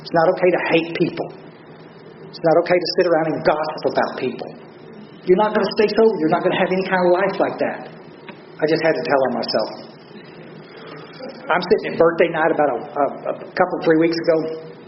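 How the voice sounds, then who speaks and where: A man's voice: fairly high pitch, fast, pauses often, noisy background. An older man with a Texan accent, telling stories at a recovery meeting in a folksy, earnest, blunt way. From Texas. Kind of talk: speaker talk to a meeting. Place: large meeting room. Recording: echoey room, dull lo-fi sound.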